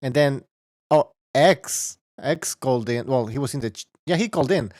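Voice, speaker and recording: A man's voice: medium pitch, moderate pace, a little mellow, no echo. Man, podcast host, loose and joking, medium voice, dry close mic. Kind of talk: casual boxing chat, wrapping up show.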